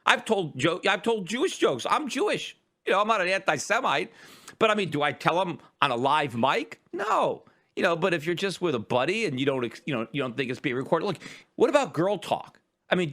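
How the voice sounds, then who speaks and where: A middle-aged man hosting a podcast, delivering an animated, argumentative opinion monologue full of rhetorical questions. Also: fairly high pitch. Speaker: podcast host.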